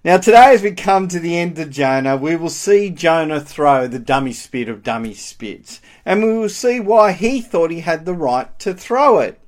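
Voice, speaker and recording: A man delivers a sermon with animated, emphatic energy. His pitch rises and falls widely as he poses rhetorical questions to the congregation. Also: normal speed, hardly any pauses. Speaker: preacher.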